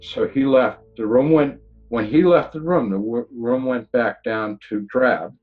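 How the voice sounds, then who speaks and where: Man, earnest personal testimony, rambling restarts, lo-fi recording, soft background music. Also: mid-range voice, measured pace. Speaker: near-death experience witness.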